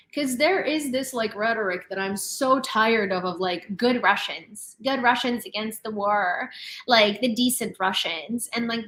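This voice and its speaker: A woman with a fairly high voice gives casual news commentary on her own channel. She talks in a loose, chatty way and often restarts her sentences and fills the gaps with filler words. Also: fairly bright tone, reverberant. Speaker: channel host.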